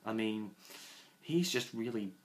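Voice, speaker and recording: Man, low voice, casual film review, rambling, exasperated, echoey room. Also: animated, slow pace. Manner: rambling, peppered with "you know" and "I mean"; scathing, exasperated.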